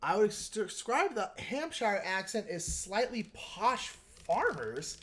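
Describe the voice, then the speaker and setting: A man's voice: high-pitched, sing-song, takes it slowly, a bit bright, slight background noise. A man hosting a live stream, chatting casually and meandering while he explains his painting technique and answers viewers.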